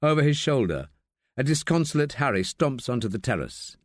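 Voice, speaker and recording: Here a man with a medium-pitched voice narrates an audiobook, taking a measured, expressive storytelling approach. It's studio quality, with no echo.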